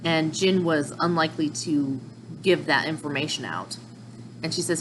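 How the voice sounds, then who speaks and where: A woman casually recapping manga chapters in a chatty, excitable way, with slips and restarts. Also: sits low, moderate pace, noisy background. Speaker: manga reviewer.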